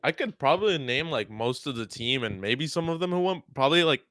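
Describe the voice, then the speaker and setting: A man with a smooth, clear voice asks questions in a casual interview. The sound is dry and close. He keeps his lines short and matter-of-fact. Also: mid-range voice, expressive, brisk, fairly bright tone, no echo. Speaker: podcast host, interviewer.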